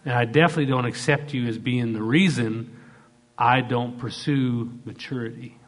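Middle-aged pastor guy preaching hard, punchy, has the crowd repeat after him, medium pitch. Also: steady tone, normal speed. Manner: emphatic preaching, leads call-and-response. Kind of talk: sermon.

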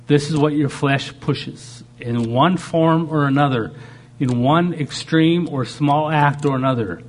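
A man's voice: on the high side, measured pace. A man preaching a sermon, shifting dramatically in tone and acting out the voices he quotes. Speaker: pastor.

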